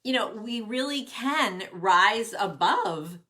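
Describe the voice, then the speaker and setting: A woman's voice: fairly high pitch, expressive, slow pace, pushed and bright. A middle-aged woman coaching careers on a casual live stream, bubbly and chatty, greeting viewers by name. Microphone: webcam at desk.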